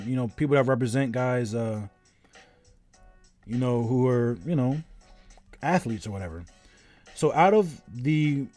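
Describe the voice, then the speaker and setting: A man's voice: medium pitch, darkish tone. A man around thirty, a game streamer in casual live-stream chat, telling a rambling story while greeting viewers.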